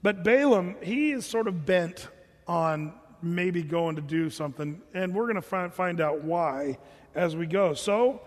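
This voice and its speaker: A man's voice: high voice, a little slow, in a large hall. A man preaching a sermon as pastor. He reads scripture, explains it in a conversational way and asks the listeners questions.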